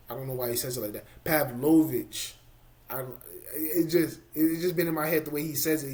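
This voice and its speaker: Hyped, playful podcast co-host man. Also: a little high. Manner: hyped, playful, repeats catchphrases. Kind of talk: casual MMA chat.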